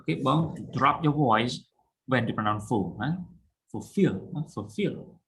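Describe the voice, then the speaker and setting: A man's voice: mid-range voice, unhurried, fairly bright tone, breathy edge, low-quality recording. A man with a Cambodian accent teaching an online English lesson, patiently drilling pronunciation and checking that students understand. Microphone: video call.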